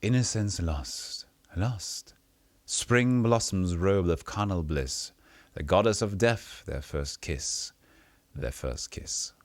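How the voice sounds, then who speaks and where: A strange old woman seer, as a man puts her on, chanting slowly in a gravelly, sing-song voice. Her voice sinks deep and quiet as she drags out her words with a hissing weight. The sound is dry and close, with no room around it. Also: expressive, no echo. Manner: slow, hissing emphasis.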